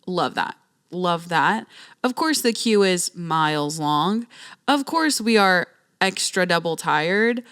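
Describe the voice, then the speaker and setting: A woman's voice: fairly low pitch, slow, smooth. Chatty young woman telling a story. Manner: animated, chatty, slangy. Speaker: podcast host. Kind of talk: casual storytelling.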